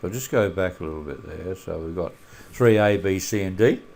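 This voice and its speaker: A man teaching a maths lesson over a screencast in a relaxed way, with many filler sounds and questions put to the students. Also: sits low, moderate pace, gravelly.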